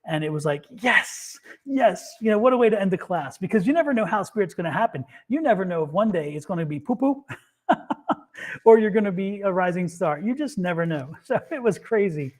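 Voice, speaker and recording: A man in casual chat, telling an animated story and acting out what people said. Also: high-pitched, brisk. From United States. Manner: animated storyteller, acts out quotes. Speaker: psychic reader and co-host.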